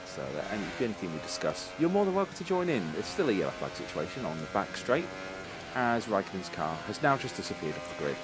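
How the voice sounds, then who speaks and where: A man hosting a casual podcast chat, relaxed and laughing, calling out in-game action as he talks. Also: fairly low pitch, fast, loud music behind the voice. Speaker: podcast host.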